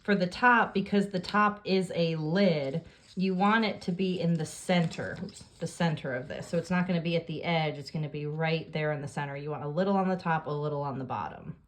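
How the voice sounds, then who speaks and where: A woman with a somewhat low voice guides the listener through a paper craft project. She talks calmly and plainly, describing each step while her hands are busy with the work. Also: a little fast. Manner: calm step-by-step instructions while working. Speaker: craft tutorial host.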